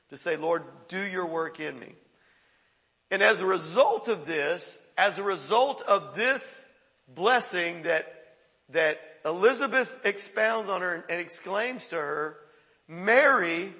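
A man preaching a sermon as pastor, lively and conversational, with sudden bursts of excitement. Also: high voice, long reverb tail.

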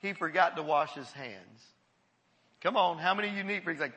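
A male pastor preaches with an animated delivery, repeating words and calling on the congregation. His voice sits high and sounds bright and forceful. It rings out with the long reverb of a church hall. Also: normal speed. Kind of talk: sermon.

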